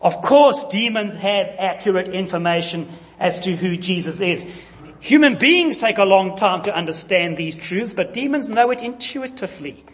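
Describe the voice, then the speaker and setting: A man's voice: high-pitched, animated, moderate pace. A man preaching a sermon, emphatic and putting questions to his congregation. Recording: long reverb of a large hall.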